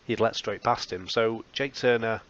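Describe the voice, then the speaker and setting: A low-voiced man narrates his football management game in casual commentary. His humor is wry and self-mocking. The recording sounds dull and lo-fi. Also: normal speed, a bit bright. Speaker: let's play host.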